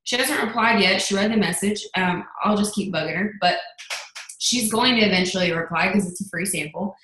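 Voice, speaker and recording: A young adult woman giving a chatty motivational talk on a sales team call, telling stories with lively quoted asides. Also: medium pitch, fairly quick, echoey room, slight background noise, low-quality recording.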